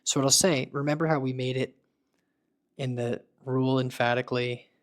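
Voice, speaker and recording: A man's voice: mid-range voice, steady tone, moderate pace. Man thinking aloud during a tech tutorial. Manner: thinking aloud while debugging, upbeat. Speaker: tech video creator building voice agents. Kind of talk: casual screen-recorded tutorial.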